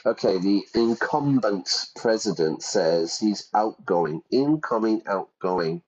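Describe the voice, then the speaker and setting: Male english teacher going through a video game, explaining words as he reads, lowish husky voice, dull lo-fi mic. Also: animated, slow, a little mellow. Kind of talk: English lesson while playing a video game. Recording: dull lo-fi recording.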